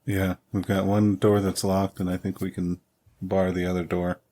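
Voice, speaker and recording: A man's voice: low-pitched, flat delivery, moderate pace, mellow. A man playing a ranger in a tabletop game, chatting casually. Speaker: player.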